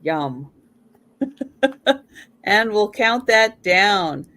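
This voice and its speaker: A woman's voice: medium pitch, expressive, very slow, pushed and bright. A woman hosting a casual live-stream chat, reading items aloud with chatty asides. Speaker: host.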